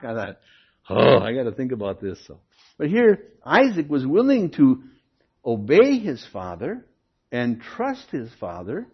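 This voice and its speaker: Older male pastor, animated and husky. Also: mid-range voice. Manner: animated teaching, rhetorical questions. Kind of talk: expository sermon. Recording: dull lo-fi sermon recording.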